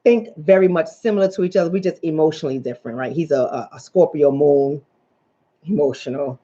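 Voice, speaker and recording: A woman from the New York and New Jersey area with that accent, hosting a casual livestream as a relationship coach and reading out viewer comments in an animated storytelling manner. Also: deep voice, fairly quick. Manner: animated storytelling, acts out quoted voices. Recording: dull lo-fi audio.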